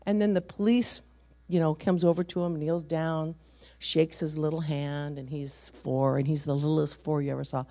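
A woman preacher telling a story to her church, animated and emphatic, acting out the voices of the people in it. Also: low-pitched, moderate pace. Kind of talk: sermon storytelling to a congregation.

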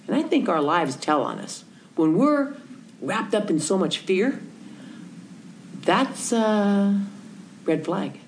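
A woman's voice: mid-range voice, slow pace, pauses often, a little hiss or hum, poor audio. A woman telling a story in conversation, acting out the voices of the people in it and sometimes dropping to a whisper, with a faith message. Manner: animated storyteller, acts out voices, drops to whispers. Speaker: Christian speaker telling a story.

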